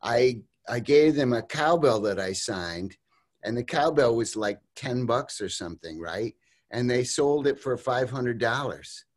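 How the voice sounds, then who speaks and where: A man's voice: medium pitch, lively intonation, a little slow. An older man as an interview guest, talking casually over a video call, rambling with lots of fillers and restarts and laughing often.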